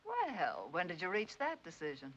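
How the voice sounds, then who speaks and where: An actor playing a dry, wry army major in a 1940s screwball film comedy. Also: male voice, sits high, huge pitch swings, moderate pace, a bit bright, full character voice. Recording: dull, hissy 1940s film soundtrack.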